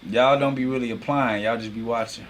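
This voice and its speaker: A man's voice: medium pitch, brisk, a little hiss or hum. Playful hype man teasing his chat. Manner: animated hype, heavy use of y'all. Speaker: host and business coach. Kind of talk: casual livestream class intro.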